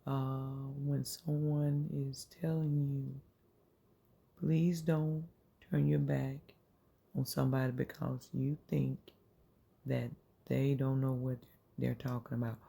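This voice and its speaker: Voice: medium pitch, vocal fry, warm tone, breathy edge. A channel host giving an earnest, informal inspirational faith talk, repeating phrases and dropping into whispers to make a point.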